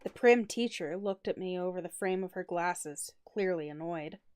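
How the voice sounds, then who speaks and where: Expressive woman narrating a story. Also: lowish voice. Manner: expressive, dramatic reading with quick laughing asides. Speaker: streamer reading a story aloud. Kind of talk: first-person story narration.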